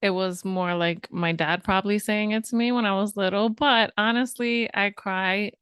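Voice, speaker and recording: A woman's voice: medium pitch, steady tone, normal speed, fairly bright tone, smooth, no room sound, studio quality. A woman co-hosting a parenting podcast, chatting casually and animatedly about her own experiences.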